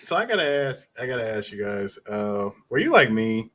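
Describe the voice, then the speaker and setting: A man co-hosting a podcast in casual chat, animated and quick to burst into excited exclamations. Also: lowish voice, heavy background noise. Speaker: podcast co-host.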